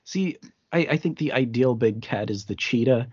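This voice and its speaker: A man's voice: mid-range voice, animated, normal speed, darkish tone, breathy edge. Rambling man on a muffled podcast. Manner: rambling, frequent restarts and fillers. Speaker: podcast co-host. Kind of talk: casual film discussion. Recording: slightly muffled lo-fi podcast audio.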